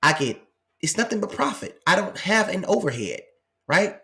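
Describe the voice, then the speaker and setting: A man's voice: high voice, big pitch swings, normal speed, vocal fry, pushed and bright. A man hosting a live commentary stream, arguing with passion and firing off rhetorical questions. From United States. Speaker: channel host.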